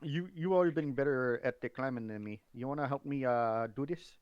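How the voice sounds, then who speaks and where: A man's voice: mid-range voice, fairly quick, smooth, dry recording, lo-fi sound, pitched above the performer's own voice, close to an everyday voice. A man doing a cheerful adventurer in a wobbly mock-Swedish lilt. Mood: friendly. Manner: botched mock Swedish accent.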